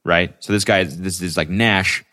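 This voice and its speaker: A man's voice: sits low, fairly even intonation, normal speed, sharp tone. A man hosting a solo podcast, talking casually in a rambling, profane way full of fillers. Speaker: podcast host.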